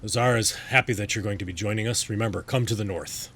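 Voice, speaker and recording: Male GM voicing a large hobgoblin envoy: polite, formal, deep. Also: fast talker, a bit bright, a little hiss or hum.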